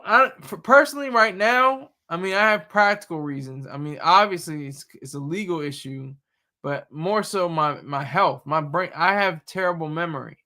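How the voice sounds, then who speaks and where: Young male streamer, bright gravelly voice, loose joking delivery, laughs a lot. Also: on the high side. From Delaware. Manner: joking, laughs often, rambling. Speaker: livestream host. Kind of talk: casual live chat.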